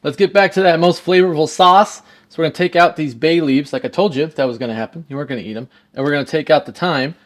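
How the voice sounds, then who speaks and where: Man of middle pitch, easygoing cooking-video host who cracks jokes at the camera. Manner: jokey, talks straight to viewers. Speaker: home cook. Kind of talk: casual cooking demonstration.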